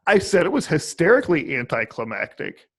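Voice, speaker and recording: A man's voice: fairly high pitch, sing-song, creaky, a bit bright. Wry teasing male podcast host. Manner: wry, teasing, halting with restarts. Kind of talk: casual interview chat.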